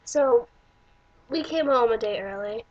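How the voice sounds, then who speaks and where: Young woman, slightly high voice, rambling chatty vlogger, muffled lo-fi sound. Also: unhurried, a little mellow. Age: young adult. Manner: chatty, rambling, many fillers and restarts. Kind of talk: casual storytelling vlog.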